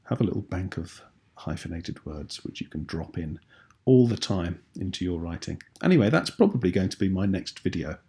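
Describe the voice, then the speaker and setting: A man with a British accent teaching a writing lesson in a patient, clear, explanatory way. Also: low-pitched, mellow. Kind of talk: tutorial video lesson.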